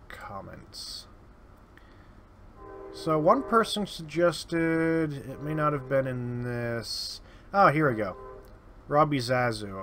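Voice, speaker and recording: A man's voice: mid-range voice, a bit bright, slight background noise. A man giving casual, sardonic gameplay commentary, muttering his way through lists of items. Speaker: let's play host. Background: keyboard typing.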